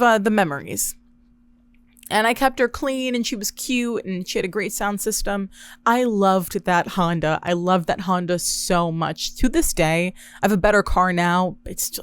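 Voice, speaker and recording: A young woman hosting a podcast, telling a story in an animated, sarcastic way with quick asides. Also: medium pitch, smooth, no room sound. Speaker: podcast host. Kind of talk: casual storytelling monologue.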